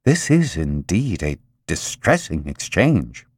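A polite, formal male android speaks slowly and stiffly, as a man voices it. Each word is measured and respectful. The voice is low and close, with no room around it. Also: very animated, husky, dry recording, full character voice.

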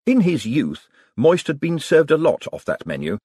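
A man doing wry, animated audiobook narration. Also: a little high, moderate pace, husky, no echo, clean studio sound.

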